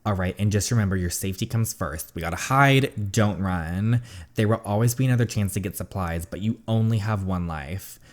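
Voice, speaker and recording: A man's voice: lowish voice, moderate pace, natural voice. A man reading as a cautious teenage leader. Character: calm teenage boy group leader, cautious.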